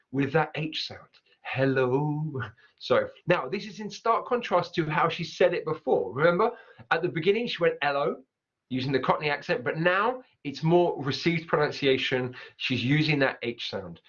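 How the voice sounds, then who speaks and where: A man's voice: a little high, fairly bright tone, husky, highs cut off. Upbeat man teaching pronunciation. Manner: upbeat, repeats example words slowly to demonstrate sounds. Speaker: English teacher. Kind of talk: online pronunciation lesson.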